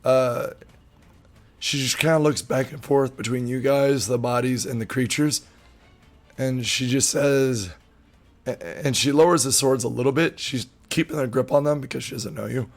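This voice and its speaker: A man's voice: medium pitch, moderate pace. A man running a tabletop role-playing game as game master, describing scenes in loose, filler-heavy narration.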